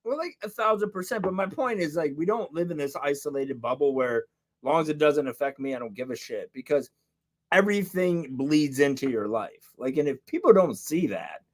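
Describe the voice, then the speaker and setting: A man's voice: a little high, animated, moderate pace. Heated rambling man. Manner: heated, rambling, lots of "like" and swearing. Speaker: podcast co-host. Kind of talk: casual chat.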